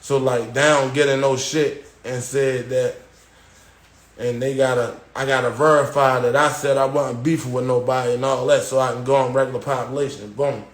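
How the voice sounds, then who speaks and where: A man casually telling a long story on a live stream, dropping "yo" and "boom" as he goes and acting out the voices of others. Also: normal speed, roomy sound. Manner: animated retelling, acting out quoted guards and inmates with raised pitch; slangy, repeats "yo" and "boom". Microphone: phone.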